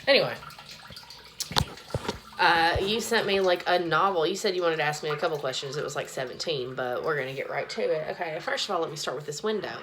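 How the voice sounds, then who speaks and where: A woman's voice: low voice, fairly quick, noisy background. A woman rambling profanely in a casual chat to her phone camera from a small home bathroom, filling her talk with "like". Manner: rambling, profane, heavy use of "like". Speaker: vlogger. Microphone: phone held in hand.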